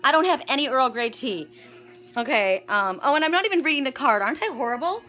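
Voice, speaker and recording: A woman's voice: sits high, lively intonation, fast, sharp tone, rough recording. A middle-aged woman chatting casually to camera about her day and a gift, rambling and effusive with many restarts. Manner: effusive, rambling, full of restarts and gushing exclamations. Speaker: vlogger and spiritual reader.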